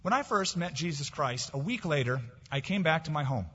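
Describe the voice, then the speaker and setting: A middle-aged man preaching a sermon as pastor, emphatic, swinging between raised declarations and quiet asides. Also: fairly high pitch, lively intonation, fairly quick, husky. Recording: dull lo-fi recording in a reverberant hall.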